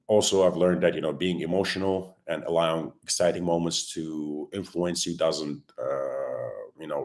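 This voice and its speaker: A man hosting a crypto livestream with a sore throat, often clearing it, explaining his views calmly and greeting viewers by name. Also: very deep voice. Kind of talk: casual livestream chat.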